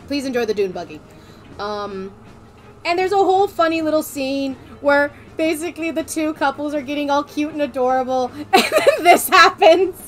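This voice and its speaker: High-voiced giggly woman streamer. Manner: excitable, giggly, rambling. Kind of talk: casual chat.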